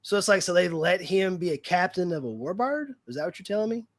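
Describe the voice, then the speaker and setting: A man's voice: sits high, expressive, fast, no echo. Rambling male stream host, raised voice. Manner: rambling, heavy use of fillers like "like" and "you know". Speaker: livestream host. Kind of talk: casual fan chat.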